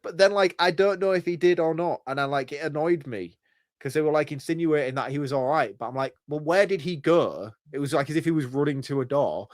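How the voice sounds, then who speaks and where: A man's voice: on the high side, fast talker, no room sound. Rambling man picking apart a film. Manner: rambling, questioning, laughs along. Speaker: podcast co-host. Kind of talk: casual film review chat.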